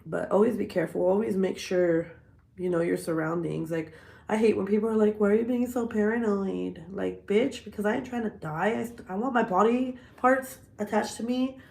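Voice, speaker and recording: A woman in her thirties, a vlogger telling stories in a blunt, profane, animated casual chat. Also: mid-range voice, moderate pace, creaky, reverberant.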